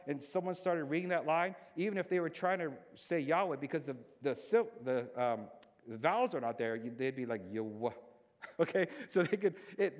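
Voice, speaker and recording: A man preaching a sermon in a conversational way, moving between emphatic bursts and quiet, hushed stretches. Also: fairly high pitch. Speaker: pastor. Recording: long reverb in a big hall.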